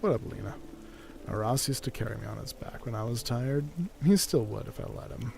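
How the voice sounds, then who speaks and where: A man's voice: medium pitch, brisk, gravelly, darkish tone, slight background noise. A man giving casual gameplay commentary with chatty, wry asides. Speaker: gaming video creator.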